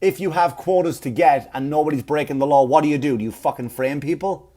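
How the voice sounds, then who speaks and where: Guy in his 30s ranting on a podcast, bit high voice, swears a lot. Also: fast talker. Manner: swearing, animated storytelling with acted-out quotes. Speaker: podcast host. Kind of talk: comedic rant.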